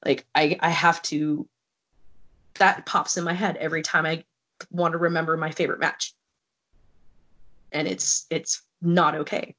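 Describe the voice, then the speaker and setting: Woman podcast guest, low-ish voice, blunt and profane storyteller. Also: level tone, measured pace, long pauses, fairly bright tone. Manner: candid, swears freely, acts out quoted people.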